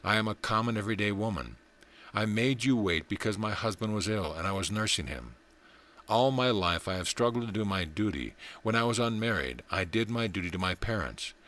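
A serene, humble housewife from an old parable, speaking in a low, unhurried, gently reproving way, as a man reads her part. Her words come steady and plain. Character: wise humble older housewife.

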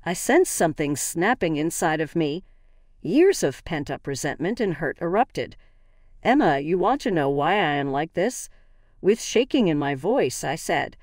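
A woman narrating a first-person family story in a steady, slightly stilted way. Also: lowish voice, a little slow, dry recording, studio quality.

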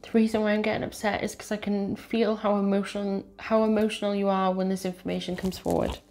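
A woman's voice: mid-range voice, flat delivery, a little fast, a little mellow. A woman doing a tarot card reading, talking in an earnest, emotional way and repeating her phrases. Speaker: tarot reader.

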